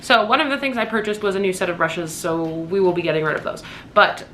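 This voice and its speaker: Bright, gushing young woman vlogger. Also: medium pitch, fast, a little hiss or hum. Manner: gushing, excitable, swears casually. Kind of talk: casual birthday haul vlog.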